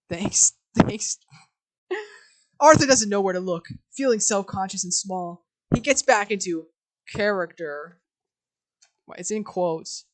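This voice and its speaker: This woman is live-streaming a read-through of a film script, delivering scene directions flatly before slipping into flustered remarks to her chat. She speaks at a medium pitch over a rough recording.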